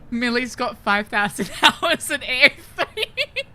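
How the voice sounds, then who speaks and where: A young woman streaming a game who giggles, gets excited and swears freely as she reacts. Her voice is bright and sharp, pitched a little high. She talks at an unhurried pace into a desk mic. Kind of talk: let's-play commentary.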